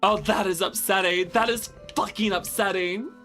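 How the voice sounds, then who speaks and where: A young adult woman streaming a video game, talking to her chat with loud exasperated outbursts and swearing. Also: medium pitch, fairly even intonation, moderate pace, soft background music. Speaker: VTuber streamer. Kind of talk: gaming livestream commentary.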